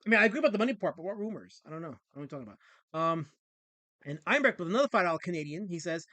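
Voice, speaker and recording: A man hosts a casual livestream and answers viewer comments with sarcastic, mock-offended rants. His voice sits high for a man, and the sound is dry and close. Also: lively intonation, rapid-fire, sharp tone, dry recording. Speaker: livestream host.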